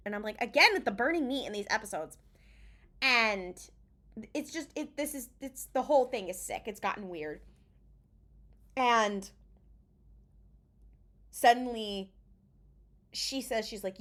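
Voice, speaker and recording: A woman co-hosting a podcast, recapping an episode in a casual, animated way and acting out the characters' lines, swearing freely. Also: on the high side, a little slow, long pauses. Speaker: podcast co-host.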